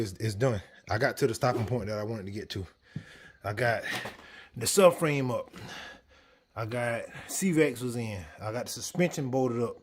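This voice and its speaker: A fairly low-voiced man with a drawl explains a repair job to his viewers. His delivery is relaxed and unhurried, walking through each step. It is picked up on a camera mic in a garage. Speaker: DIY mechanic. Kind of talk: casual how-to narration.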